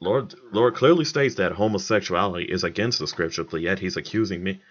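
A laid-back man talks with a very low, deep voice and likes to repeat his punchlines. The recording is dull and lo-fi, with the top end missing. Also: fairly quick. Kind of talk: casual religious chat.

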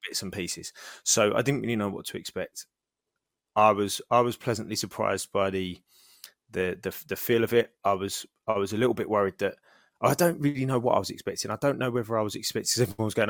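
A man's voice: fairly low pitch, a little fast, no echo, clean studio sound. A British man hosting a casual podcast chat, rambling with many restarts and fillers. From Britain. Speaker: podcast host.

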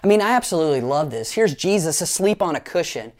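With a slightly high voice and a fast delivery, a male pastor preaches, telling vivid stories, tossing in playful asides, and directing the congregation through group actions.

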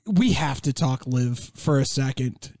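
A man's voice: medium pitch, expressive, unhurried, warm tone, no room sound, clean studio sound. A man hosting a sports podcast in casual talk, emphatic and fond of bold predictions. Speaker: podcast host.

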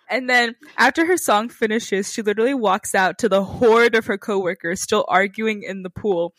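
A woman's voice: mid-range voice, normal speed, a bit bright, dry recording. A woman co-hosting a podcast in casual chat, retelling scenes with playful quoted voices. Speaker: podcast co-host. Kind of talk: casual chat recapping a TV show.

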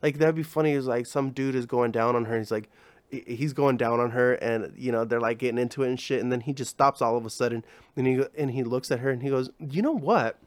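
A man's voice: mid-range voice, steady tone, fast, clear, resonant tone, no room sound. A young man hosting a podcast, chatting in a casual, rambling way, full of slang, swearing and fillers. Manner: profane, slangy, filler-heavy. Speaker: podcast host. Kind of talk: casual rambling comedy chat.

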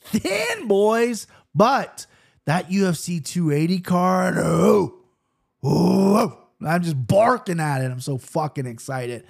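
A man in his thirties talks through fight results in a loose, rambling host style. His voice sits a little high, and he trips over words while hurrying through betting picks and the odd curse. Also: lively intonation. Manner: rambling, fast-talking with frequent restarts and swearing. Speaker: show host. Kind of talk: casual MMA betting commentary.

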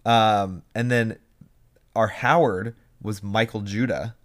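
A young man co-hosting a podcast, chatting casually and telling animated stories with quoted asides. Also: lowish voice, takes it slowly. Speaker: podcast co-host. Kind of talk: casual chat.

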